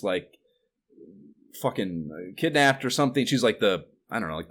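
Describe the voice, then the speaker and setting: Rambling, swearing podcast host. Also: male voice, on the low side. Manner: rambling, swears often, animated outbursts of disbelief. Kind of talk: casual chat.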